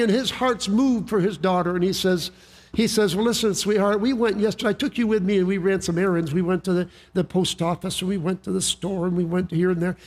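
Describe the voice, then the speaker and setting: A man preaching a sermon, telling a story in a folksy way with frequent restarts and repeated words. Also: high-pitched. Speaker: pastor.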